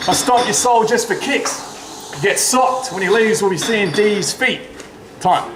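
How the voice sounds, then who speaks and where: A man's voice: sits high, animated, a little slow, echoey room, noisy background. A man performing mocking battle rap verses full of punchlines aimed at his opponent. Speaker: battle rapper.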